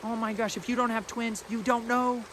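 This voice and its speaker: A man's voice: very high voice, little pitch movement, normal speed, fairly bright tone, a little hiss or hum. A man giving an informal spiritual teaching as a podcast host, earnest, emphatic and colloquial.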